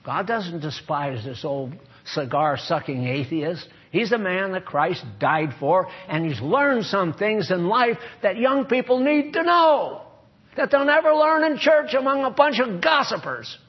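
Husky older preacher, slow and emphatic. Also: male voice, high-pitched, lively intonation. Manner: folksy, emphatic, shifts into mock voices and prayer. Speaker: pastor. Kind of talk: sermon. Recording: dull lo-fi sermon recording.

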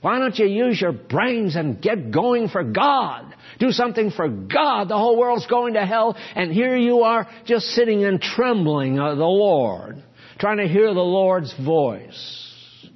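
A man's voice: high-pitched, very animated, slow pace, slightly rough, big-room sound, voice pushed up, exaggerated voice. A preacher voicing a mocking, scornful male tempter who goads and taunts the faithful. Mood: taunting. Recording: dull lo-fi recording.

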